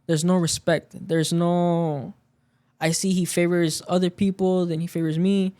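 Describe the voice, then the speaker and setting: A man's voice: sits high, flat delivery, normal speed, a little mellow, clean tone. A man in casual podcast chat, telling a story about work and acting out the quoted lines of the people in it. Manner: storytelling, acts out quoted dialogue. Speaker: podcast guest.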